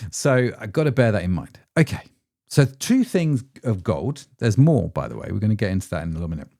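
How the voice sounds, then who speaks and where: A man's voice: fairly low pitch, big pitch swings, a little fast, vocal fry, warm tone, dry recording, clean studio sound. A man hosting a solo podcast as an ecommerce founder, chatty and self-deprecating, with frequent rhetorical tag questions.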